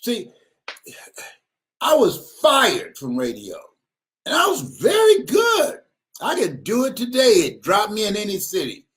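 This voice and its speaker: Lively, laughing motivational speaker man. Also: high voice, takes it slowly, pauses often. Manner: laughs often, emphatic repetition. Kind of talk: motivational sermon.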